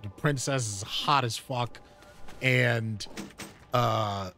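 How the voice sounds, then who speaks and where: A man's voice: mid-range voice, very slow, pushed and bright. A man streaming a game live, chatting casually in a rambling, sidetracked way with many fillers. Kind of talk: casual gaming chat. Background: game music.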